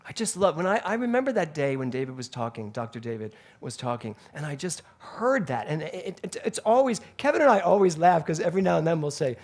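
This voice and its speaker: A male minister giving a Sunday sermon in a spiritual center, telling stories animatedly and laughing along the way. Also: high voice.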